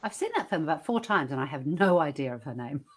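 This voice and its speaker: A woman co-hosting a casual online chat show, chatting along with quick asides. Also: low-pitched, expressive, husky.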